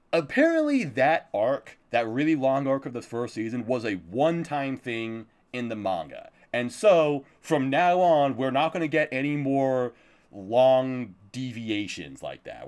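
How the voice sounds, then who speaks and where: Guy doing a casual live stream about anime, super lively up-and-down voice, cusses a lot and laughs. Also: medium pitch. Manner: animated, swears freely, laughs often.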